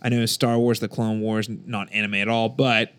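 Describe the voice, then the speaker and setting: A man in casual conversation about animated shows, emphatic and given to complaining. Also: on the low side, normal speed, smooth. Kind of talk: casual chat about cartoons.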